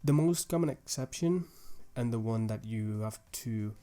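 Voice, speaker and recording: A young man with a mellow, darker tone teaches a language lesson. He explains grammar rules patiently and methodically, one step at a time, sometimes restarting a phrase as he goes. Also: on the low side, lively intonation, moderate pace, faint music behind.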